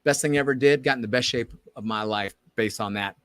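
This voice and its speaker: A man co-hosting a podcast, telling a story in casual chat and acting out the quoted dialogue with lively energy. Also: medium pitch, quick pace, clear, resonant tone, no echo. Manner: animated, acts out quoted dialogue. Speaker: podcast co-host.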